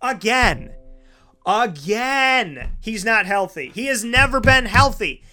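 A man's voice: very high-pitched, moderate pace, pushed and bright, faint music behind. A man hosting a show, giving opinionated football commentary with emphatic, repetitive ranting. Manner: emphatic, ranting, repeats for effect. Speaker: sports show host.

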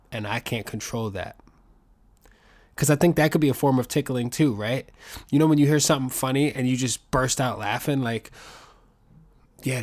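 Profane rambling man, casual monologue. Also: mid-range voice. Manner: profane, rambling, animated asides. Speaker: podcast host.

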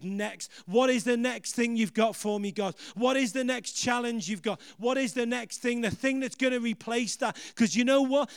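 A male preacher with a high, smooth, clear voice, recorded close and dry. He preaches with rousing energy, swelling into shouts and then easing back with a chuckle. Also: no room sound. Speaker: pastor. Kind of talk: sermon.

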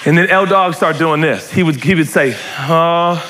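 A man preaching a lively sermon in a church, joking, shouting and acting out voices as he talks. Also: a little high, moderate pace, background noise. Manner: animated, joking, shouts and acts out quotes. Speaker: pastor. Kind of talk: lively sermon to a live congregation. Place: church hall.

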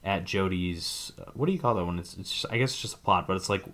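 A fast-talking man with a low, fairly bright voice co-hosts a podcast, giving a rambling, casual recap of a movie. He hedges frequently as he goes.

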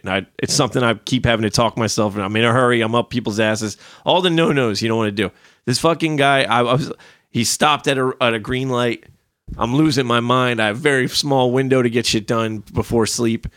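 A man's voice: medium pitch, dry recording. A man in his thirties tells swearing-laced stories, his mid-range voice climbing sharply when he gets worked up. It is a dry, close recording with no room sound. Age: 30s. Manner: profane, animated storytelling, rants. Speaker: podcast guest. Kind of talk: casual chat.

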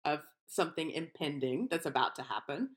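Lower-pitched woman co-host, chatty and animated, acts out voices. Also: a little fast. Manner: animated storyteller, acts out quoted voices, laughs often. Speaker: podcast co-host. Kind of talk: casual chat.

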